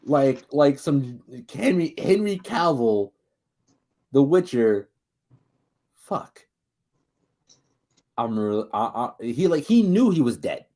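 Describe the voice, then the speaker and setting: A man co-hosting a podcast, chatting casually about movies, excitable, swearing a lot and acting out scenes. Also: a little high, slow. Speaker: podcast co-host.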